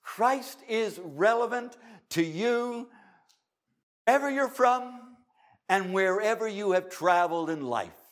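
An older man preaching an evangelistic sermon, dramatic and emphatic, with pauses for effect. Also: sits high, animated.

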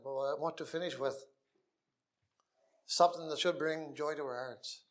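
A man preaching a gospel sermon with a somewhat high voice. He speaks earnestly, repeats his key phrases, and lets his voice sink almost to nothing on the solemn lines. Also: flat delivery, brisk, pauses often.

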